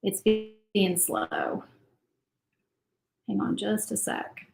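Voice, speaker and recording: A woman's voice: mid-range voice, wildly swooping pitch, very slow, gravelly. Chatty woman crafting live, echoey room. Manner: chatty, thinks aloud while painting. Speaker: crafting livestream host. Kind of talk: casual live crafting chat.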